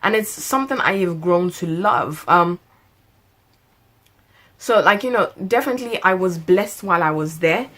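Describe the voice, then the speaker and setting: Her voice sits on the low side, expressive and a bit bright, moving at normal speed with long pauses. She's a late-twenties lifestyle vlogger in casual chat to the camera, laughing a lot, stretching words to stress them, and drifting into sermonizing.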